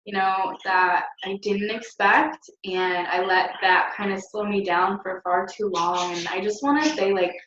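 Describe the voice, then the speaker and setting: A young woman rambles cheerfully through an encouraging motivational vlog, her voice sitting at a middle pitch. She is recorded at home from some distance, so the sound is roomy and echoey. The audio is dull and lo-fi. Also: fairly bright tone, a little hiss or hum. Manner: upbeat, chatty, rambling and encouraging. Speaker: network marketing team leader.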